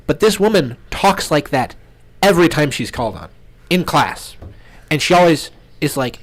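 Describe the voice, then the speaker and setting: A man's voice: a little high, big pitch swings, normal speed, dry recording. Young man ranting with a laugh. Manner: ranting, laughing often, mocking voices in quotes. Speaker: podcast co-host. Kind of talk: casual chat.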